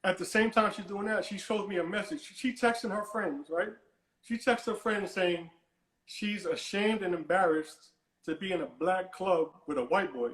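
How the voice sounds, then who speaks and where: A man's voice: sits high, moderate pace, fairly bright tone, reverberant, rough recording. A man calling in to a talk show, telling a long story in a rambling way, repeating and restarting his words and brushing things off. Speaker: caller. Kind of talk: animated storytelling on a call-in show.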